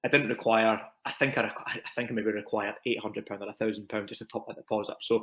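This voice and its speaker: A man's voice: lowish voice, fairly even intonation, a bit bright. A Scottish man in his thirties, a property investor guest telling his story casually in an interview, repeating words as he goes. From Scotland. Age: 30s. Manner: quick, rambling with repeated words.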